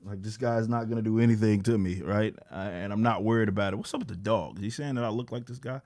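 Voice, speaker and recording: A young man reacting to a clip in casual commentary, mocking and repeating himself, rising higher as he gets animated. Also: fast talker. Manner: casual mocking, repeats words, rises in pitch when animated. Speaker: YouTube commentator.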